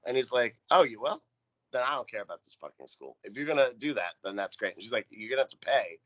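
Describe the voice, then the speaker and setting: On a podcast he co-hosts, this man gives a wry, profane play-by-play recap of a TV episode in casual chat. His medium-pitched voice is animated and a bit bright, moving at a quick pace with no echo.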